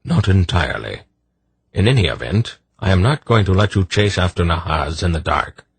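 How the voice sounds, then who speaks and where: A man voicing a stern old male sorcerer in an audiobook, firm and measured. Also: low-pitched, creaky, breathy edge, dry recording, exaggerated voice.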